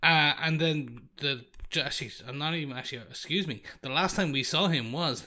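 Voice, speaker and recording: A man's voice: fairly high pitch, a little fast, sharp tone. A podcast co-host in casual chat, thinking aloud and correcting himself as he goes. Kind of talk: casual chat reviewing a film.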